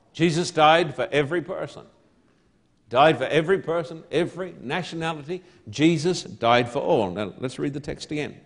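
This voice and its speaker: A man preaching a sermon, slow and emphatic, repeating key words and building to loud proclamations. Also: on the high side.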